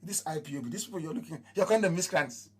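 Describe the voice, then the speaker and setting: A man with a Nigerian accent gives an impassioned live address to his followers. He repeats his phrases and swings between raised proclamations and low mutters. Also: expressive, very fast. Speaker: movement leader addressing followers.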